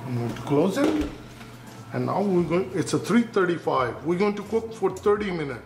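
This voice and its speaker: High-voiced man demonstrating a cooking recipe. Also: very animated, moderate pace. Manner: instructive, repeats cautions, narrates each step with times. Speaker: cooking channel host. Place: home kitchen. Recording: echoey room with faint noise.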